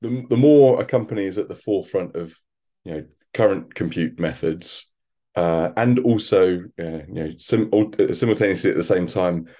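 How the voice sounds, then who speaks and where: A man speaking as an expert guest in a conversational interview, thoughtful and halting, with frequent restarts. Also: deep voice, mellow. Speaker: quantum computing expert guest.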